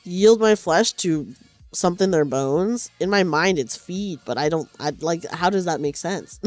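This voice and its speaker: A woman's voice: lowish voice, unhurried, a little mellow, dry recording, faint music behind. Woman streamer, sleepy, rambling chat, very dry sound. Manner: rambling, self-correcting, chatty. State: sleepy, low energy. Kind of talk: casual chat while knitting. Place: at home on a couch.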